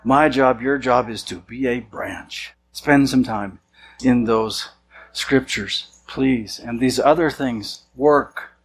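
A man of ordinary pitch delivers a sermon in an easy, conversational way. He now and then acts out the voices of the people he is quoting. A faint hum runs under the recording. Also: takes it slowly, low-quality recording. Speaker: pastor.

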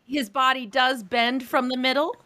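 A woman's voice: sits high, fairly even intonation, moderate pace, sharp tone. A woman co-hosting a podcast, adding dry teasing remarks. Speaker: podcast co-host. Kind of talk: casual chat.

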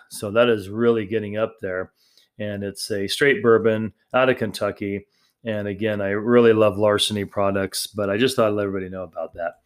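A man hosting a podcast on his own, talking in a rambling, chatty way with lots of fillers and restarts. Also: medium pitch. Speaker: podcast host. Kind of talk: casual solo podcast talk.

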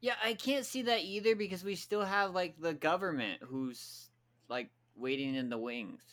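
A man's voice: high voice, fairly bright tone. A man co-hosting a casual podcast chat in a playful, teasing way. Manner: playful, quick to laugh and tease. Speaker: podcast co-host.

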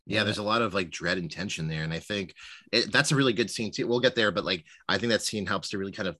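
A man co-hosting a podcast, chatting casually about a movie, swearing freely and animated. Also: on the low side, fast talker, no room sound. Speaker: podcast co-host.

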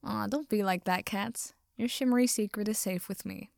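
A woman reading a story aloud and voicing a wry, soft-spoken young man who teases gently, close to her own voice. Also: medium pitch, moderate pace, gravelly, no room sound, close to an everyday voice.

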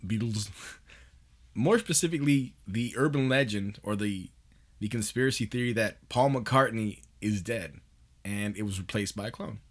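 A man's voice: on the low side, moderate pace. A man hosting a podcast in a loose, profane monologue, laughing often as he talks. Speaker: podcast host.

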